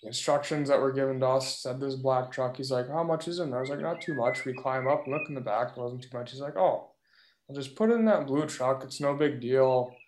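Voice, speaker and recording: A man's voice: medium pitch, fairly quick. Man telling a story, roomy sound. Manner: animated, vivid retelling. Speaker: delivery truck driver. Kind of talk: casual storytelling chat. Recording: roomy echo with faint noise.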